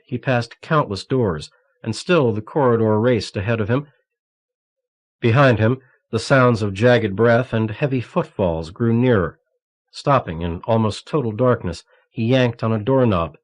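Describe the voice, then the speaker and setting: A man reading a thriller novel aloud in a steady, measured narration. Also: lowish voice. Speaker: audiobook narrator. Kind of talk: scripted narration. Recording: cassette audiobook transfer.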